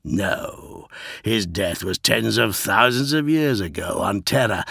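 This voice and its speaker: A man voicing a brooding male warlord, grave and proud, speaking low, slow and measured in an audiobook reading. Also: creaky, a bit bright, slightly rough, dry recording, studio quality, full character voice.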